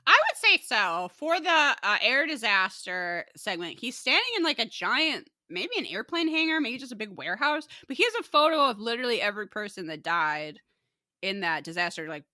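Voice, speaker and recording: A woman's voice: fairly high pitch, big pitch swings, moderate pace, pushed and bright, no echo. A woman co-hosting a podcast, chatting casually and laughing often as she recaps a TV episode. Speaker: podcast co-host.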